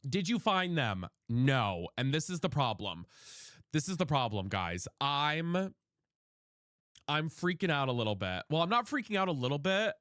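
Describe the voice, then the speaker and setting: A chatty young man on a live stream, his pitch leaping up and down as he talks to his viewers between moves in a game. He speaks a bit higher than most men, and the sound is close and dry, with no room echo. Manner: chatty and animated, greets chat by name, swears casually. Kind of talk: casual live-stream chat while playing a game. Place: room at home.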